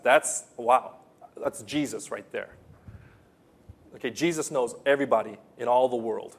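A man preaching a sermon with passion, repeating phrases for emphasis and moving between soft, quiet lines and loud, rising ones. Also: mid-range voice, measured pace, long pauses, breathy edge. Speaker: pastor.

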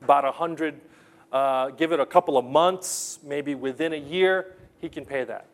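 A man's voice: a little high, normal speed. A male pastor preaching a sermon in an earnest way, often putting questions to the congregation and repeating key phrases.

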